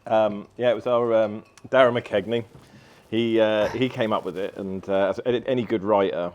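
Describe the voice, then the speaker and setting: A man's voice: lowish voice, steady tone, normal speed, a little mellow, lo-fi sound. A man speaking as a guest on a podcast, in jokey, irreverent casual chat. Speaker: podcast guest, film director.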